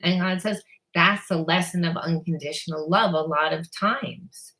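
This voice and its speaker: Lady doing a psychic card reading, kinda low voice, rambles, repeats herself, swears a bit. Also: moderate pace, sharp tone. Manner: rambling, repeats words and restarts; blunt, swears casually. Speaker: psychic reader. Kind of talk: spiritual card-reading monologue.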